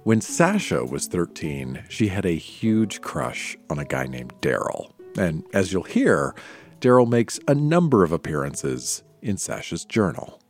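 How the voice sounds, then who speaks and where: A man with a very low voice narrates a podcast in a scripted style. His pitch swings widely as he tells the story, with faint music playing underneath. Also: sing-song, measured pace, darkish tone.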